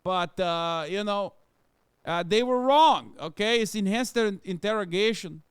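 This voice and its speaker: A man's voice: high voice, unhurried, clear, resonant tone, dry recording, studio quality, voice pushed up. A man putting on a mock Brazilian accent, playing a pompous right-wing pundit in broken English. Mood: smug. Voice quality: loud, exaggerated broken English.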